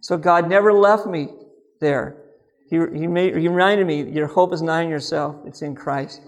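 A man with a somewhat high-pitched voice gives a relaxed, conversational sermon. He is middle-aged and earnest, mixing scripture with folksy personal storytelling and quiet asides. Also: normal speed. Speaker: speaker on Christian living.

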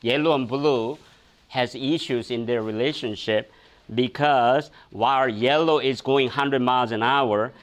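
A man's voice: medium pitch, measured pace. A man preaching a sermon, telling a personal story with many fillers, restarts and laughs. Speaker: pastor.

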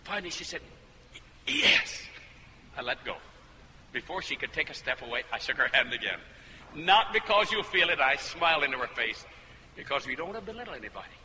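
A man's voice: medium pitch, sing-song, fast talker, pushed and bright. A man preaching a fervent sermon that builds to emphatic peaks. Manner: fervent, rising to emphatic climaxes. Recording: hall reverb with faint noise.

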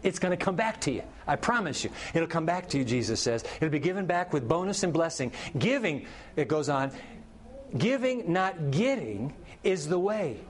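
Animated storytelling man preaching a sermon. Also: on the high side, brisk. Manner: animated storytelling, acting out characters' lines. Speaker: pastor.

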